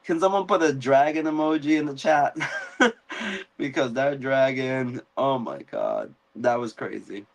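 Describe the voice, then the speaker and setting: Male host, mid pitch, casual and animated recap, acts out quotes. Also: measured pace, vocal fry, rough recording. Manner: animated, acts out characters' lines. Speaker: podcast host. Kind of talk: casual live-stream episode recap.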